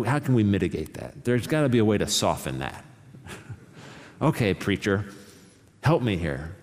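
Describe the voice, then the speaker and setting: Deep-voiced man preaching in a reverberant hall. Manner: earnest, varied emphasis, occasional soft laughs. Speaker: pastor. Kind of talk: sermon.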